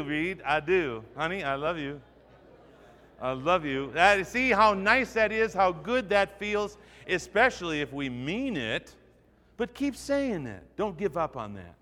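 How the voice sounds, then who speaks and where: A man's voice: mid-range voice, a bit bright, big-room sound. A male pastor preaching a sermon, earnest and urging, repeating phrases for emphasis.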